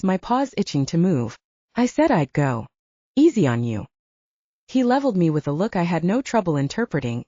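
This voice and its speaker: A woman narrates an audiobook in a low, mellow voice whose pitch moves a great deal as she tells the story. The sound is dry and close, with a slightly dull, lo-fi quality. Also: dry recording. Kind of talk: first-person audiobook narration.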